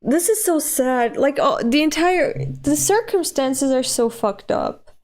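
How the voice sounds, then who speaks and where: A woman reading a manga aloud and reacting with expressive, animated commentary that jumps high when she is moved. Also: measured pace. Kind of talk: emotional read-along reaction.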